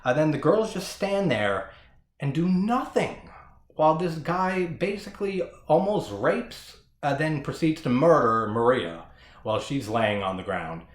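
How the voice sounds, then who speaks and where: A man hosting a horror film podcast, talking in a casual, animated and profane way and laughing often. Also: a little high, unhurried. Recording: roomy echo.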